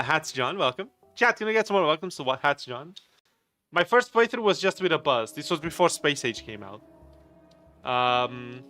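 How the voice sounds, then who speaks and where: A man hosts a live game stream, talking to his chat in a loose, jokey, rambling way and laughing often. His voice is bright and sits a little high. Soft music plays faintly behind him. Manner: laughs often, greets chat viewers by name. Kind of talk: casual live stream chat while gaming.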